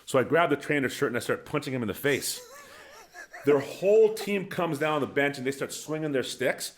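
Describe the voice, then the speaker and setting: On a podcast, a middle-aged ex-hockey coach tells a lively story into a studio mic, laughing at himself and acting out what people said. His pitch runs fairly high and his speed is normal.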